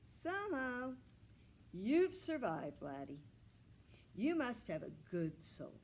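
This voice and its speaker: Lady doing a sweet old grandpa talking to his pets, slow and bouncy. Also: fairly high pitch, wildly swooping pitch, a little mellow, voice pushed up, heavily acted. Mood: tender.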